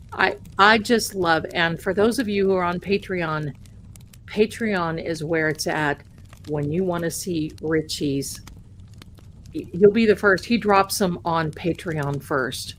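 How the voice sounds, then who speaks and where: Woman tarot-stream host, chatty and rambling, mid pitch, calls viewers "darling.". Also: fairly bright tone, a little hiss or hum. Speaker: tarot reader hosting a live stream. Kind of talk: casual live-stream chat.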